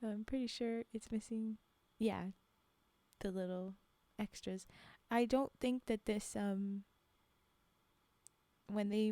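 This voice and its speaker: A woman's voice: medium pitch, dark tone, dry recording. A woman streamer reading folktales aloud on a live stream, breaking off for laughing asides to her chat. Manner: laughing asides to chat between read passages.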